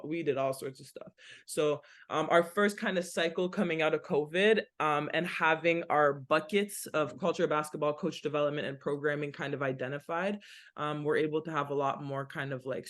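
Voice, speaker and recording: Podcast guest: young adult woman, earnest and explanatory, casual interview talk. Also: low voice. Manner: earnest and explanatory, lists things in runs. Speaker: basketball nonprofit director, podcast guest.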